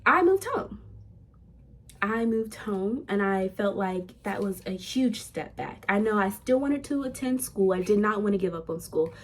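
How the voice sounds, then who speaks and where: A woman's voice: mid-range voice, moderate pace, few pauses. Chatty young woman vlogging candidly. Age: young adult. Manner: chatty and candid, addresses viewers as "y'all". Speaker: vlogger, nursing student. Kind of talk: casual talking-head vlog.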